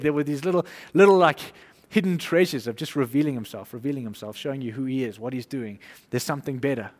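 A man preaching an informal sermon, conversational and animated, acting out little quotes and laughing as he goes. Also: fairly high pitch, in a large hall.

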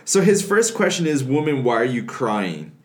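Animated man telling stories in an echoey room. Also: medium pitch, moderate pace. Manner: animated storyteller, laughs often. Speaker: podcast co-host. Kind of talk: casual faith discussion.

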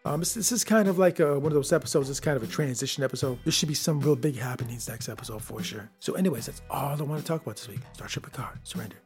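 A man's voice: mid-range voice, racing, hardly any pauses, a little mellow, soft background music. A man hosting his own podcast, talking casually and rambling through an episode review with frequent restarts. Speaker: podcast host.

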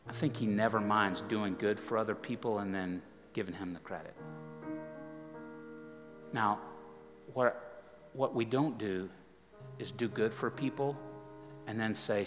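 A male pastor preaches in a live church hall, his voice carrying a long reverb tail. Music plays softly underneath as he tells his story. He talks casually, rising into animated bursts and dropping to near whispers. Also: fairly low pitch, a little slow, long pauses. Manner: conversational, animated storytelling with dramatic drops to quiet. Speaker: guest pastor. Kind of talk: storytelling sermon.

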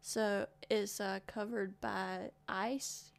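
A woman's voice: medium pitch, steady tone, drawn-out words, creaky. A woman, chatting casually and rambling as she loses her words, laughing often. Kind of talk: casual chat.

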